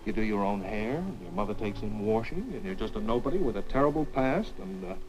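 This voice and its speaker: An actor playing a teasing young lawyer. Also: male voice, on the low side, animated, fast talker, a little mellow, lightly acted, rough recording. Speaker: lawyer leaving for a new post. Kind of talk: 1940s film acting.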